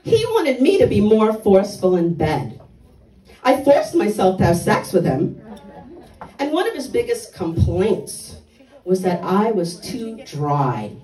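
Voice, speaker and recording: A woman's voice: mid-range voice, big pitch swings, a little slow, echoey room, far from the mic, a faint crowd, rough recording. Older woman with blunt stand-up one-liners. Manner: blunt, dark one-liners with punchy delivery. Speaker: stand-up comedian. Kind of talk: stand-up comedy set. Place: comedy club stage.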